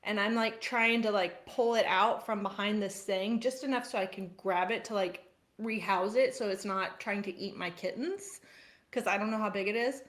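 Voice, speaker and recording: A woman co-hosting a casual podcast, telling an animated story with frequent laughs. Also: mid-range voice, moderate pace. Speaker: podcast co-host. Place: farm household.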